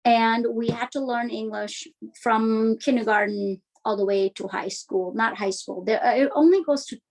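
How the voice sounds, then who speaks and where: A woman in her thirties from Nepal, a Nepali native speaker, on the guest side of an interview. Her voice sits a touch high. She talks in a chatty, storytelling way, laughs often and acts out the things people said. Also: normal speed, poor audio. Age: 30s. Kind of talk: casual conversational storytelling.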